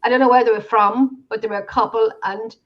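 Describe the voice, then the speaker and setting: A woman's voice: on the high side, fairly even intonation, quick pace. An Irish woman on a video call, telling a story in casual chat, emotional and rambling, with many restarts. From Ireland. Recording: dull lo-fi sound.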